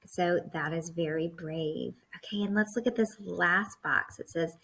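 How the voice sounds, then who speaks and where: A woman teacher leading a classroom lesson for young children, slow and patient as she explains. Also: lowish voice, gravelly, fairly bright tone, husky.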